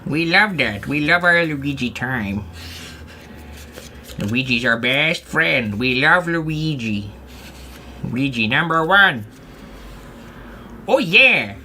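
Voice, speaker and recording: A man's voice: on the high side, lively intonation, takes it slowly, long pauses, bright, forceful tone, a little hiss or hum. A man live-streaming while he crafts, rambling in goofy, playful self-talk with lots of little asides. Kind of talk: casual livestream chatter while crafting.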